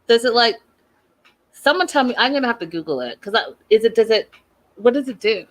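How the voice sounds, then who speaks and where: A woman with a fairly high, lively voice talks fast as she hosts a casual reality TV recap. She speaks right to her viewers, chatty and full of opinions, working through her thoughts out loud and saying "like" a lot.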